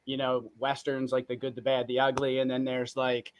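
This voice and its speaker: A man's voice: medium pitch, completely flat delivery, moderate pace, slight background noise. A man chatting on a live stream in a laid-back way, trailing off often with fillers. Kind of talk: casual group chat on a live stream.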